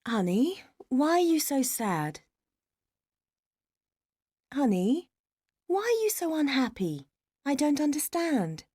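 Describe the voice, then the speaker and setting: A woman's voice: high-pitched, big pitch swings, slow, pauses often, warm tone, no echo, clean studio sound, heavily acted. A woman acting an affectionate young woman soothing her boyfriend in a textbook dialogue, coaxing and insistent.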